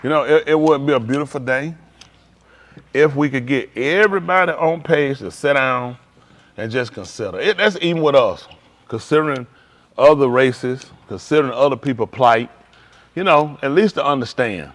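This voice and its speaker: A man preaching in a casual, conversational style, swinging from quiet to loud and acting out conversations. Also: mid-range voice, moderate pace. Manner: animated, shifting between quiet and loud, acts out dialogue. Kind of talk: livestreamed sermon.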